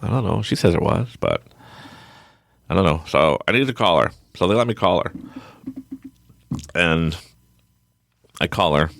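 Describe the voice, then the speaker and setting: A man's voice: low voice, expressive, measured pace, creaky, long pauses, fairly bright tone. A man in his late thirties telling a personal story on a podcast in a rambling, frank and emotional way, often restarting his sentences. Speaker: podcast guest.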